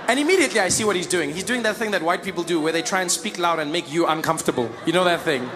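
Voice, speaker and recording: A South African man with a South African accent, telling an animated stand-up story and acting out the scenes. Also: fairly high pitch, fast, hardly any pauses. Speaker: stand-up comedian. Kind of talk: stand-up comedy. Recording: live stage mic with audience noise.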